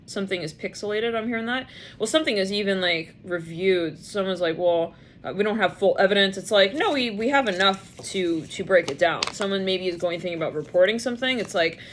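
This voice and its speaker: A woman talks her way through a tarot spread in a casual, rambling voice at an ordinary pitch. She thinks aloud and slips into short playful imitations of the people she imagines. A faint background hiss runs under the voice. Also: fairly quick. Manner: rambling, musing aloud with bursts of playful mimicry. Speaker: tarot reader. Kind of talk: casual intuitive tarot reading.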